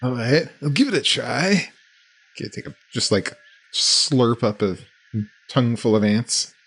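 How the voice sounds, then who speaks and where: A man's voice: mid-range voice, lively intonation, a little slow, gravelly, fairly bright tone, husky. A man playing in a tabletop game, laid-back and chuckling in casual banter. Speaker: player.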